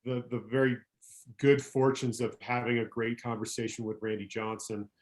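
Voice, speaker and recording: A middle-aged man, a former pro pitcher, telling anecdotes as a podcast guest in a rambling way, correcting himself as he goes. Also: little pitch movement, normal speed. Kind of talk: casual storytelling chat.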